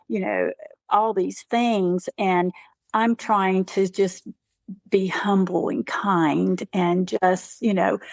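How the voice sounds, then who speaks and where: A woman being interviewed as a caregiver, speaking earnestly and haltingly, with many "you know" fillers. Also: mid-range voice, steady tone, darkish tone, no echo. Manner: earnest, faith-driven. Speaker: guest, caregiver. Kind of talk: conversational interview.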